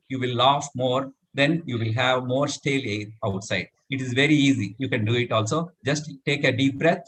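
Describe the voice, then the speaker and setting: Middle-aged male instructor leading a laughter yoga session with loud "very good" cheers and laughs. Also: medium pitch, slightly rough. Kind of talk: live demonstration talk.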